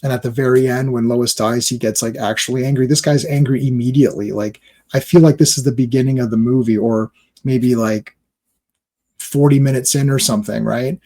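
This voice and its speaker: A man reviews a movie trailer in loose, rambling reaction commentary, full of fillers and exasperated asides. His voice has a gravelly, fry-laden edge at a middling pitch. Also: fairly even intonation, brisk, warm tone.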